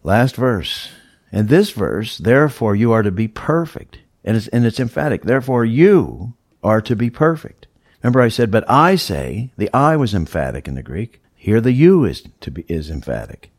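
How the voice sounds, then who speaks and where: A man's voice: lowish voice, sing-song, normal speed, dry recording, studio quality. A male pastor preaching a sermon, teaching verse by verse in an emphatic, explaining way. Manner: teacherly, emphatic, walks through scripture verse by verse.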